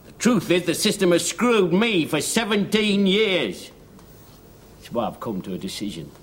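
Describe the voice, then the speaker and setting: A man's voice: high voice, sing-song, normal speed. An actor playing a weary, wryly humorous elderly male convict with a Northern English accent in a sitcom. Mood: gloomy. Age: older. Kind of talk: 1970s TV sitcom acting.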